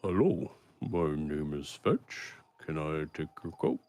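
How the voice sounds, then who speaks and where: A man voicing a huge male ogre butler who greets guests slowly and formally. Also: extremely low pitch, lively intonation, darkish tone, heavily acted. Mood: courteous. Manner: slow, courteous greeting.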